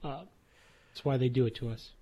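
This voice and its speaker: Joking man with a middle-pitched voice. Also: steady tone, fairly quick, warm tone, husky. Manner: joking, hesitant with many uhs. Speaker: podcast co-host. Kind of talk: casual chat.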